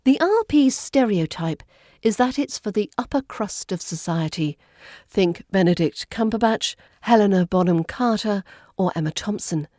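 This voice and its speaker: A woman with an English RP accent, teaching pronunciation in a scripted podcast with clear, crisp enunciation and playful emphasis. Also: mid-range voice, expressive, normal speed, warm tone, no room sound, clean studio sound. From England. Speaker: accent coach.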